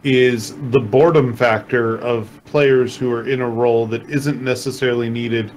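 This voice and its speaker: A man in a casual gaming chat, calmly laying out his worries in a mid-range voice. A faint hiss of noise sits under his voice. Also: medium pitch, normal speed.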